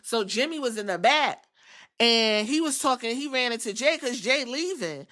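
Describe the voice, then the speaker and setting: Woman podcast host, bright and forceful tone, blunt and foul-mouthed, chatty storyteller. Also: on the high side, expressive, normal speed. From outside the US. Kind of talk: casual recap podcast.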